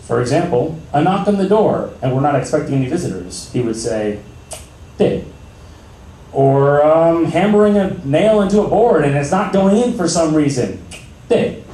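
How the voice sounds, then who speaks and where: A young man doing a stand-up comedy set in a small cafe, with a deadpan, dry delivery broken by sudden loud outbursts. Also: on the high side. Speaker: stand-up comic. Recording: roomy, distant amateur recording.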